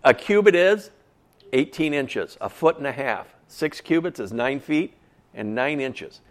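A man's voice: medium pitch, lively intonation, a little slow. A man preaching a sermon in a folksy, conversational way, full of casual asides.

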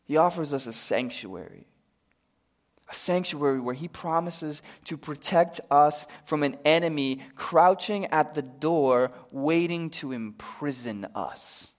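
Slow, earnest preaching man. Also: on the high side. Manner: earnest, drops to a hushed voice for appeals. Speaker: pastor. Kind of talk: sermon.

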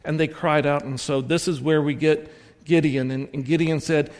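His sermon unfolds at a moderate pace, the voice fairly high and darkish with fairly even intonation. A pastor with a Southern American accent, he tells meandering stories and keeps self-correcting and restarting, all in long hall reverb.

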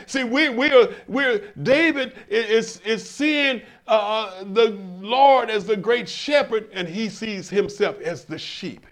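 An older man delivers a sermon in a fairly high voice. He stumbles over repeated words, then swells into emphatic lines and tosses questions out to the congregation. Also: a bit bright. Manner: call-and-response, stammering restarts, emphatic swells. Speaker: preacher. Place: church in front of a congregation.

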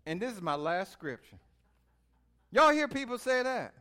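High-voiced man preaching a lively sermon. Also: moderate pace. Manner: swings from quiet musing to loud exhortation; folksy, speaks to the listeners directly.

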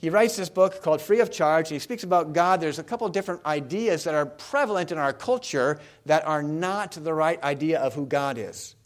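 A man's voice: fairly high pitch, animated, brisk, few pauses. A man preaching a sermon, talking casually with the congregation and asking them questions. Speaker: pastor.

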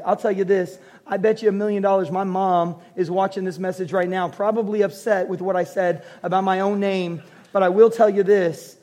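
A man in his forties delivers a sermon in a notably high, light voice. He tells family anecdotes with playful humor and then turns to earnest, direct exhortation. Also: level tone, moderate pace, dark tone. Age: 40s. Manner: humorous storytelling, earnest preaching. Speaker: pastor.

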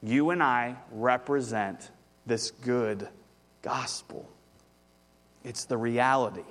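Man preaching, conversational sermon, animated storytelling. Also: mid-range voice, takes it slowly. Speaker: pastor.

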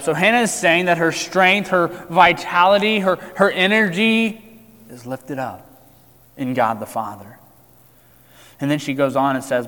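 A man preaches in an earnest, emphatic manner with a somewhat high voice. His phrases swell loud and then sink low and quiet. The sound carries the long reverb of a large hall. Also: moderate pace. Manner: earnest, emphatic with wide swings in loudness. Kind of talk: sermon.

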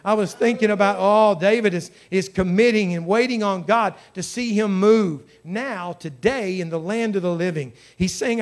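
A man preaching a sermon with passion, dropping to a hush and then building to loud, ringing calls. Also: sits high, normal speed, few pauses. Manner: impassioned, swinging from hushed to shouting.

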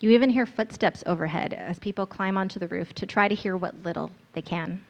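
A woman's voice: on the low side, a little fast, dull audio. A woman narrating a guided scripture meditation in the second person, in an earnest, storytelling manner.

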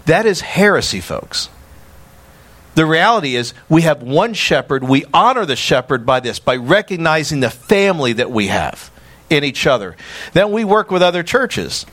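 A man preaching a sermon as a pastor, animated and emphatic, acting out quoted dialogue. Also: a little high, normal speed.

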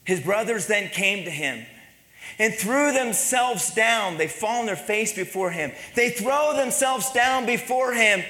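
A man preaching a sermon in a high, bright voice, dropping to hushed, low lines and then rising to emphatic calls. His voice carries through a church sanctuary with a long, echoing reverb. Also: animated, measured pace. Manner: preaching with dynamic swings between soft and loud. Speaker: pastor. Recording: echoey church hall.

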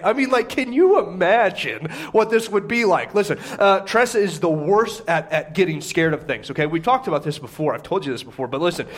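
A pastor with a high-pitched, fairly bright voice preaches to a congregation in an indoor room. His sermon is casual and conversational; he keeps asking "okay?", laughs at his own stories, and stays quiet so the babies don't wake.

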